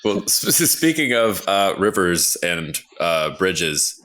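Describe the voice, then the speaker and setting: A man's voice: low-pitched, big pitch swings, takes it slowly, sharp tone, a little hiss or hum. A man competing on a comedy podcast, pushing mock-serious conspiracy theories with a straight face. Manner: mock-serious conspiracy talk, dry jokes. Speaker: contestant.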